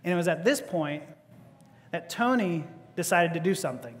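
A man preaching, telling a story with animated acted-out quotes and frequent stammering restarts. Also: a little high, moderate pace, long reverb tail. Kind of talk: sermon storytelling.

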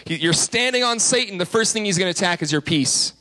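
A man preaching a sermon in church, lively and playful, often acting out the voices of the people he describes. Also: sits high, fairly quick. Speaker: pastor.

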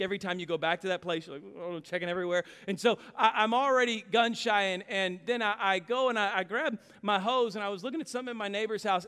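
A man in his thirties preaching a sermon, telling stories with passion and building to loud climaxes. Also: high-pitched, long reverb tail. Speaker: pastor.

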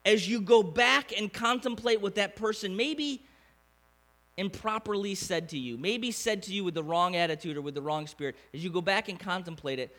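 A man's voice: high voice, normal speed. A man, preaching a conversational sermon full of questions to the congregation. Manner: animated, conversational preaching with rhetorical questions to the crowd. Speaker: pastor.

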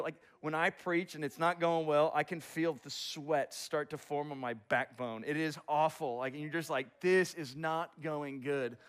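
A pastor delivers a sermon in a fairly high male voice. He moves from reading scripture to an animated, self-deprecating story about his own preaching. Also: clean tone.

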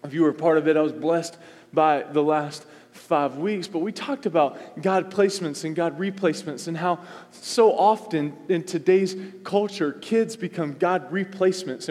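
A man preaching a sermon as pastor, emphatic and repetitive, swinging between loud and soft. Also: a little high, normal speed, in a large hall.

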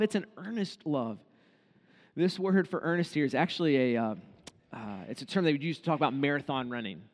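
Male pastor, high voice, conversational sermon in a church with long reverb. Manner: conversational preaching, acts out quoted inner voices.

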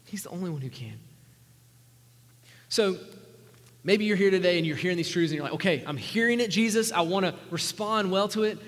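High-voiced man preaching in a reverberant hall. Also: fairly quick. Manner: earnest, conversational preaching that drops to near whispers. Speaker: pastor. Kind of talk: sermon. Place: church sanctuary. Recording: long church-hall reverb.

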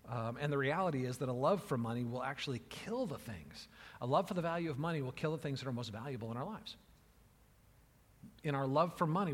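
Husky preacher in a reverberant hall. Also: male voice, medium pitch. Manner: conversational, frequent "right?", repeats words. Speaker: pastor. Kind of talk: sermon.

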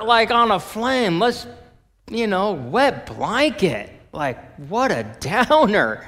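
A male pastor preaching a sermon, telling the story in an animated way and acting out the people in it. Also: high-pitched, takes it slowly. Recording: long reverb of a large hall.

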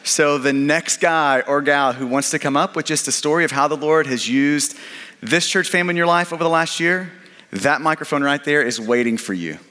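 A man's voice: fairly high pitch, moderate pace, sharp tone, in a large hall. A man leading a church service, joking with the congregation and inviting people up to the microphone.

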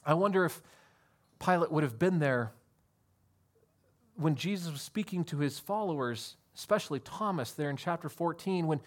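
A man's voice: on the high side, expressive, normal speed, long pauses. A man preaching a sermon, earnest and emphatic, often calling his listeners friends. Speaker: pastor.

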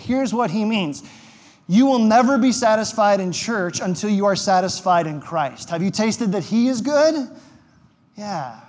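A man's voice: sits high, expressive, moderate pace, darkish tone. A man preaching a sermon as pastor, conversational and emphatic, with wry quips. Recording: long hall reverb.

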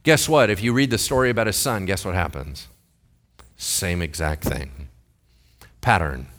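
A man's voice: sits low, a little slow, fairly bright tone. A pastor in his forties preaching a sermon in a church, talking in a joking, conversational way and throwing questions to the congregation. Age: 40s.

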